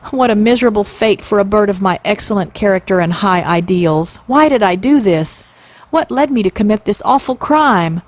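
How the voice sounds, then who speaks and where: A woman in her sixties voicing a dignified old male swan who speaks in a formal, high-minded way. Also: no echo, lightly acted. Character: dignified old male trumpeter swan, noble and law-abiding.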